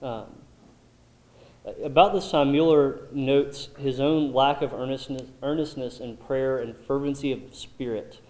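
A man's voice: mid-range voice, fairly even intonation, measured pace, darkish tone. A man leading a Bible study group, thoughtful and full of ums and restarts. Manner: thoughtful, many um fillers and restarts. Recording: roomy echo.

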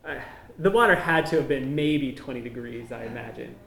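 A missionary man giving an informal slideshow talk, explaining each photo in a relaxed, conversational way. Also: mid-range voice, brisk, a little hiss or hum. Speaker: missionary presenting to a church. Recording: echoey room.

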